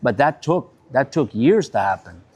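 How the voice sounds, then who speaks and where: A man speaking calmly and in a measured way as a candidate guest, using folksy comparisons. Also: medium pitch, slightly rough. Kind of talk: casual interview chat.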